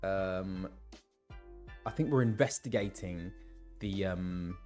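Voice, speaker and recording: A man's voice: low voice, slow, over music. A man who voices game characters, chatting casually with his live-stream viewers and reading out where they are from. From England.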